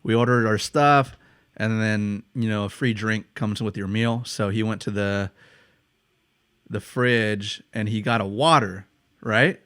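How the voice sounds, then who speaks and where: A man's voice: on the low side, fairly even intonation, a little slow, a bit bright, clean tone, no echo, clean studio sound. An American man hosting a podcast, telling stories casually, swearing freely and laughing often. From United States. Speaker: podcast host. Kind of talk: casual storytelling chat.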